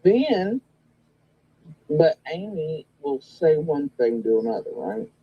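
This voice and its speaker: A woman's voice: sits low, slow pace, breathy edge, dry recording, highs cut off. A woman telling a long gossip story in a casual, rambling way, full of swearing and quoted retorts. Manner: profane, rambling and animated. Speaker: guest in a recorded conversation.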